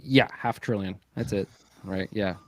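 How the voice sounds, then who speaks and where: A man's voice: fairly low pitch, normal speed, very noisy. A man co-hosting a podcast, talking casually and with animation, swearing freely and telling stories. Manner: animated, profane, storytelling with quoted voices. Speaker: podcast co-host.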